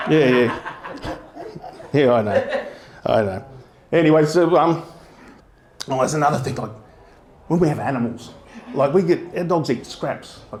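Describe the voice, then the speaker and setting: Australian comic telling stories in a roomy venue. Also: male voice, mid-range voice, a little mellow. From Darwin, Northern Territory. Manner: rambling storyteller who laughs at his own jokes. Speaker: stand-up comedian. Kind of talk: live stand-up set. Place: stage at a fringe festival venue. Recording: roomy live venue sound.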